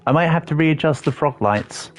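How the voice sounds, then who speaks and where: The audio is slightly dull, with faint music in the background, as a young man with a higher-leaning voice speaks at a moderate pace. He's livestreaming a building game, chatting casually and answering viewers with self-deprecating jokes.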